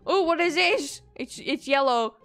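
A woman giving excitable commentary while playing a video game, gasping and squealing at every obstacle. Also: sits high, a little slow, soft background music. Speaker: gaming video creator. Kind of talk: playthrough commentary.

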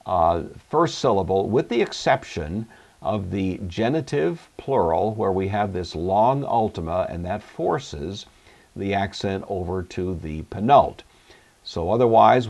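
Brief: deep-voiced male teacher, patient lecture pace, thinks aloud between points. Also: darkish tone. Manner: unhurried, explanatory, with frequent pauses and fillers. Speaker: Greek teacher. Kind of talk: recorded grammar lecture.

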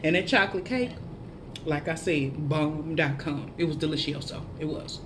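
A woman's voice: sits low, moderate pace, noisy background. A woman in a casual eating vlog, chatting to viewers between bites and humming as she chews. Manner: laughs at herself, animated shout-outs to viewers. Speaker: mukbang vlogger.

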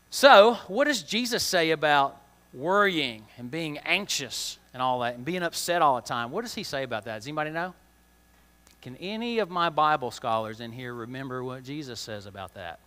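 Male kids' church teacher, chatty and questioning; bright, slightly high voice. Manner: chatty, asks kids questions, plain slangy words. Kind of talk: children's Bible lesson. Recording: long reverb of a large hall.

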